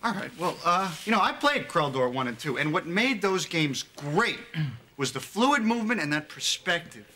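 A nervous young office trainee who stumbles over his words before gathering earnest conviction. The voice is bright and lively, moving up and down freely. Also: on the high side, moderate pace, a little hiss or hum. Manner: stammering, earnest. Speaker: executive trainee.

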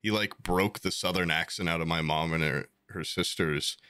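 Low, bright-voiced young man, dry sound. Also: steady tone, normal speed, clear, resonant tone, dry recording. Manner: crude, joking banter. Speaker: podcast co-host. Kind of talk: casual podcast chat.

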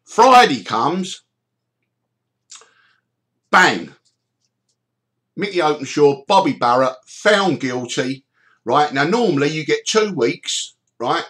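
A middle-aged man hosting a podcast, telling stories in an animated way, swearing freely and acting out the people he quotes. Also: on the high side, slow, long pauses. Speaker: podcast host. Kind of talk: storytelling chat.

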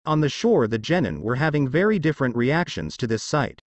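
A man narrating a fanfiction story in a steady storytelling read. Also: medium pitch, fairly quick, no room sound, dull audio. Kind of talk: fanfiction reading.

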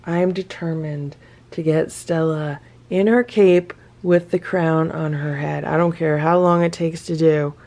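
A woman's voice: low-pitched, mellow. A middle-aged woman hosting a cat video, opening gifts in casual chat and gushing with delight, sometimes dropping to a whisper or cooing at her cat. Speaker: cat rescue video host. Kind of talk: casual unboxing chat to camera.

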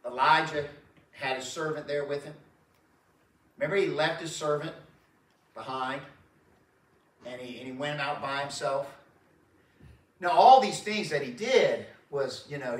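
A man preaching a sermon as pastor, in a folksy way that keeps repeating itself, chuckling and calling his listeners folks. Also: fairly high pitch. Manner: folksy, repeats himself, chuckles often, calls the crowd folks. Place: church sanctuary. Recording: roomy church sound from a distant mic.

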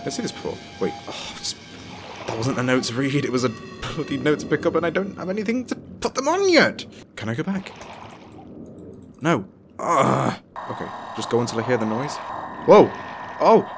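A man, commentating his own gameplay, talking to himself, shouting and swearing when stuck. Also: mid-range voice, background noise. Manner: excitable, talks to himself, swears and shouts in frustration. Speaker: gaming YouTuber. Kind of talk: let's-play commentary.

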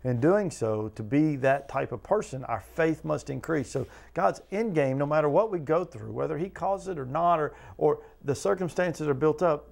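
Gravelly pastor. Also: male voice, on the high side, a little mellow. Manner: earnest, talks to listeners with repeated questions, acts out quotes. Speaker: pastor teaching Bible study. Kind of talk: conversational Bible study teaching.

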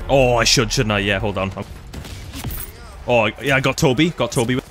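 A young man laughing and bantering excitably with a friend while playing an online shooter on a headset. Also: mid-range voice, normal speed. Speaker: co-player. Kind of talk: casual gameplay chat. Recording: faint game music behind.

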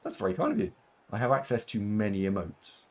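A man's voice: on the low side, animated, brisk, a little mellow. A man streaming a game live, chatting casually with viewers and thanking them, with lots of fillers. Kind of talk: casual live-stream chat while playing.

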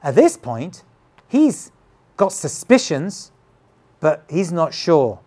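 A man's voice: on the high side, big pitch swings, slow, long pauses, mellow. A man gives a scripture lesson as a rabbi, with a voice that rises and falls a great deal. He tells the story casually and dramatically, and slips into the voices of the people in it. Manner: dramatic, casual, retells scenes with acted quotes. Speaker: rabbi teaching.

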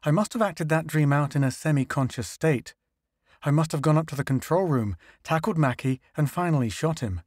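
A man voicing a troubled male spaceship astrogator in a low, subdued tone. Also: a little fast, a little mellow, no room sound, studio quality, close to an everyday voice. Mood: confessing.

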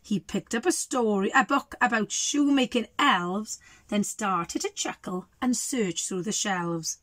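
A woman's voice: mid-range voice, fairly bright tone, no echo. Teacher lady reading a storybook to kids, asks them stuff, dry sound. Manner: pauses to ask children questions. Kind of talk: reading a picture book aloud to children.

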